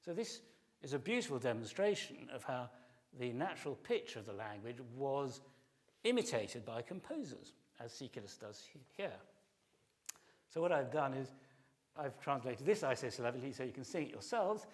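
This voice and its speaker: Male lecturer, middle-aged, mid-pitched voice, explanatory, hums melodic examples. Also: big pitch swings, moderate pace. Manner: explanatory, sings short snatches of melody to illustrate. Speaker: classics professor giving a pre-concert talk. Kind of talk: public lecture.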